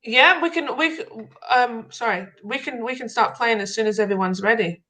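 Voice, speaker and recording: A bubbly young woman, hosting a casual online game show. Her voice is bright and higher than most women's, and she talks in a chatty, giggly way. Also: normal speed, poor audio.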